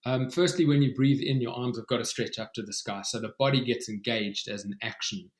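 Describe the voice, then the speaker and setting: A man speaking as a guest author in an interview, talking softly and slowly in a soothing way, with many ums and uhs. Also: mid-range voice, steady tone. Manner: soft, slow and soothing, with many fillers. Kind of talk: calm conversational interview.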